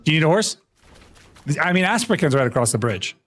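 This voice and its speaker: A young man live-streaming a game, talking to his chat in an excitable, laughing, apologetic way. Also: on the high side, a little fast.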